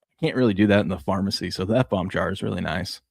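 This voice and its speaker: A man's voice: low-pitched, fast, creaky, no echo. A man in his thirties, a co-host, casually chatting and telling family stories with plenty of laughs. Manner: laid-back storyteller, laughs a lot. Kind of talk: casual sports show chat.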